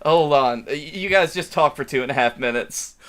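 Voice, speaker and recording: A man's voice: fairly high pitch, moderate pace, fairly bright tone. Easygoing man steering a podcast. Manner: easygoing, steers the talk, profane. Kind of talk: casual chat.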